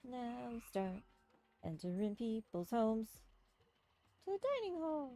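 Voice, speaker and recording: A woman's voice: a little high, big pitch swings, a little slow, dark tone. A woman streamer giving casual, offhand game commentary with some swearing. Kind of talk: casual let's-play commentary.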